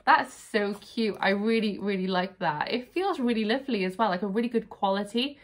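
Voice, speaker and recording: A woman vlogger chatting casually at home while unboxing, gushing and excitable, often repeating "really, really". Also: medium pitch, brisk.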